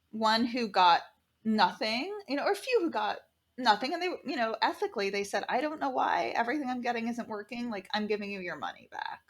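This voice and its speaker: A woman appears as a podcast guest, telling a story casually and animatedly while imitating the people she quotes and swearing freely. Her voice is fairly high-pitched.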